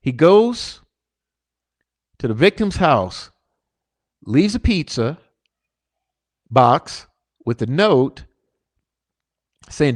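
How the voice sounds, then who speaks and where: A man's voice: fairly high pitch, sing-song, drawn-out words, long pauses. A man hosting a channel, reading court documents aloud and breaking in with emphatic asides. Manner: emphatic asides, rising when stressing points. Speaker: channel host.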